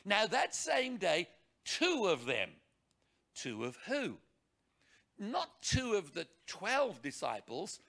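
Animated, high-pitched male preacher. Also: creaky. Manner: animated, emphatic, rhetorical questions and repetition. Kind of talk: sermon.

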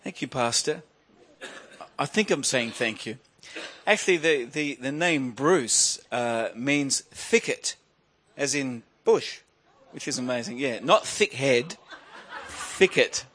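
A man's voice: mid-range voice, lively intonation, takes it slowly, pauses often, a bit bright, a little hiss or hum. A middle-aged male preacher giving a sermon, joking and restarting phrases, then building to emphatic preaching.

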